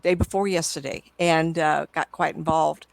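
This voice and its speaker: A woman in her seventies, a psychic medium, telling stories to an audience in an excitable, chatty way with frequent laughs. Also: low voice, normal speed, gravelly, dry recording. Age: 70s. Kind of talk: storytelling talk to an audience.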